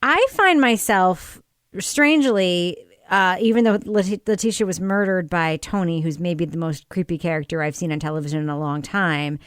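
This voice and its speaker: A woman's voice: lowish voice, moderate pace, clear, resonant tone, dry recording, clean studio sound. A woman co-hosting a podcast in casual chat, thinking aloud and posing questions with lots of "like" fillers. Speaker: podcast co-host. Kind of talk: casual chat reviewing a TV series.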